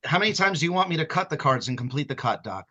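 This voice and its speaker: An excitable man with a high, bright voice banters as a guest magician on a live stream. His talk is playful and full of stammering restarts. He comes through a video call mic. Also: quick pace.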